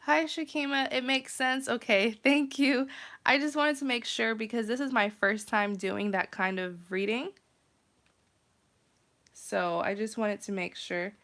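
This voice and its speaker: A woman's voice: fairly high pitch, fairly even intonation, unhurried, fairly bright tone. A woman with a nasal, congested voice, hosting a casual tarot live stream, chatty and full of fillers. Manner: chatty, many fillers, laughs often. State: congested from travel.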